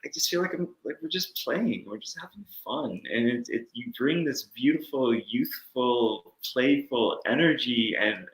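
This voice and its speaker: A man's voice: mid-range voice, lively intonation, a little slow, few pauses, a bit bright. Earnest man in an echoey room. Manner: earnest, reflective, acts out inner voices. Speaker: guest. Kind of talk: casual chat.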